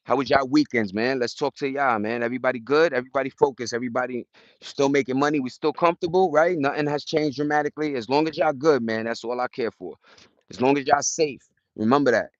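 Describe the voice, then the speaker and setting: A man's voice: medium pitch, quick pace, no room sound, lo-fi sound. A man hosting a casual livestream outdoors, chatting loosely with viewers in slang. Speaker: livestream host. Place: outdoors in a park.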